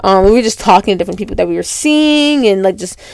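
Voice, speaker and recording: A young woman hosting a podcast, casually telling a story with lots of filler words and excitement. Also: mid-range voice, fast, gravelly, no room sound. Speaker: podcast host.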